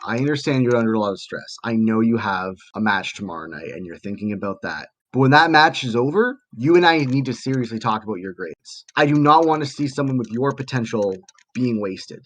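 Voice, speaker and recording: A man's voice: medium pitch, expressive, brisk, hardly any pauses, no echo, lightly acted. A man voicing a male teacher who firmly and earnestly lectures a student about school. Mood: stern. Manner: earnest, firm.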